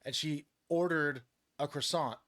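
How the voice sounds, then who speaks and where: A man in his thirties hosting a casual chat, telling stories in an animated way, laughing and swearing freely. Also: on the high side, measured pace, dry recording. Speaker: podcast host.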